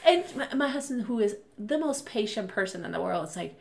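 A woman in her thirties, hosting a casual chat and telling animated family stories while laughing often. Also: mid-range voice, brisk, vocal fry, few pauses. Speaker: podcast host.

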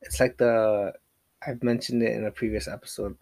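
A man's voice: lowish voice, little pitch movement, normal speed, creaky, darkish tone, dry recording. A man hosting a casual solo podcast, rambling with lots of fillers, restarts and casual swearing. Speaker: podcast host.

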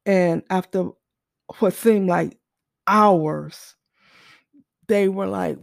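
Woman, mid-range and gravelly, telling a heartfelt testimony; earnest storyteller, dry close recording. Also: fairly low pitch, drawn-out words, pauses often, dry recording. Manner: earnest, repeats and restarts, acts out quoted voices. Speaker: mother telling a faith testimony.

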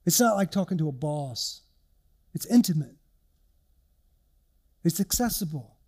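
A man's voice: fairly high pitch, animated, unhurried, mellow. An older male pastor delivering an earnest, conversational sermon with personal stories.

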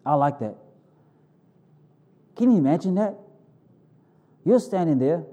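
A pastor preaching a sermon in an informal, animated way, telling stories vividly and breaking off for quick self-corrections. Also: male voice, lo-fi sound. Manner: animated, vivid storytelling with sudden high exclamations.

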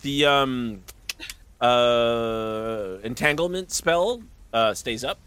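A man running a tabletop game over a video call, relaxed and joking as he checks the rules aloud. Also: mid-range voice, very slow, clear, resonant tone. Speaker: game master.

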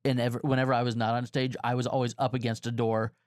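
Chatty man, forties, mid-pitched, dry close sound, laughs often, casual podcast co-host. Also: little pitch movement, fast, no room sound. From Florida. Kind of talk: casual chat.

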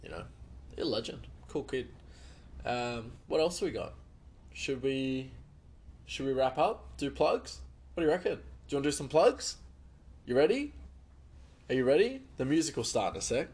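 A man's voice: mid-range voice, expressive, measured pace, long pauses, a little mellow, husky. A man who works as a chef hosts a podcast, telling rambling anecdotes in casual chat and laughing often.

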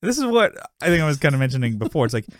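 A man's voice: a little high, big pitch swings, very fast, dry recording, studio quality. A man co-hosting a podcast, chatting casually and rambling through a TV episode recap, with lots of "you know" fillers and frequent laughs. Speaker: podcast co-host.

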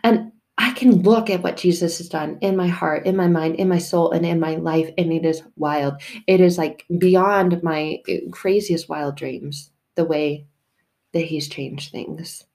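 A woman hosting a casual Christian devotional talk, animated and acting out bits of dialogue in different voices. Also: fairly low pitch, a little slow. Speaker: Christian podcast host.

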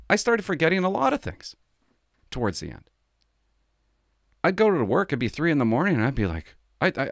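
A middle-aged man, a former police officer, telling a story from his work in a casual, animated way. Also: mid-range voice, vocal fry, no echo, studio quality. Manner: animated, acts out the people he quotes.

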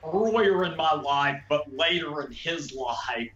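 A man on a film podcast speaking slowly and deliberately in a casual discussion. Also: on the high side, animated, fairly bright tone. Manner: slow, deliberate and measured. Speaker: podcast co-host. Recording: dull, echoey room sound.

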